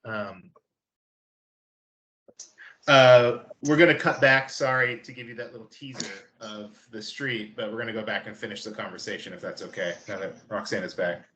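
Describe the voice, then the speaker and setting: A man narrating a tabletop game as game master, describing scenes in a halting way with many fillers. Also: on the low side, a bit bright, echoey room, a little hiss or hum, low-quality recording.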